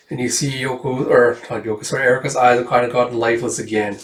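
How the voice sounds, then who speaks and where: A man's voice: mid-range voice, level tone, fast talker, few pauses. A man casually reading through a comic and reacting, with fillers and swearing. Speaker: comic reader and reviewer. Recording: roomy, distant mic.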